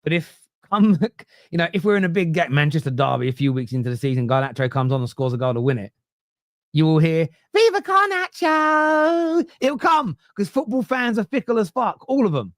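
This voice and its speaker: On a football podcast, a man with a fairly high voice rants quickly and casually, swearing, wandering off topic and tossing in mocking asides. The audio is dry and clean, with a studio sound.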